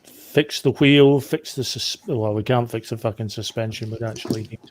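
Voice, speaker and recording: A man's voice: medium pitch, steady tone, normal speed, a little hiss or hum. A man playing a tabletop game, chatting casually, joking and swearing freely. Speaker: player.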